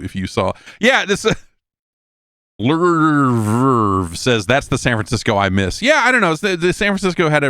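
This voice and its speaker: A middle-aged man hosting a podcast, telling a rambling story in a casual, profane way with animated swings in voice. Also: fairly low pitch, no echo, clean studio sound. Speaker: host.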